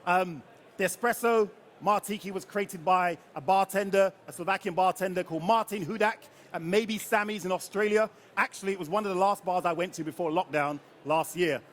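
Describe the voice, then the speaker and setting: A man's voice: high voice, fairly quick, a bit bright. A man leading a live rum tasting before an audience, chatty and jokey, often quizzing the crowd for tasting notes.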